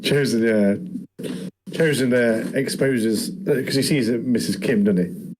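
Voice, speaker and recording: A man's voice: medium pitch, unhurried, a little mellow, slightly rough, rough recording. A young man co-hosting a podcast, rambling through a plot recap with fillers and ending his lines with "mate.". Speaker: podcast co-host. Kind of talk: casual chat recapping a show.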